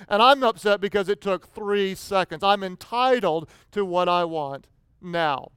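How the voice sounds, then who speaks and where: Male pastor, high clear voice, close and dry, lively sermon storytelling. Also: normal speed, no echo. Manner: animated storytelling, rising to near shouts.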